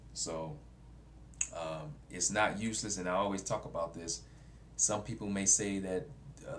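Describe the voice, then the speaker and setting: A man's voice: low voice, fairly bright tone, a little hiss or hum. A man talking casually to camera in a vlog, blunt and repetitive, with features. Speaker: vlogger.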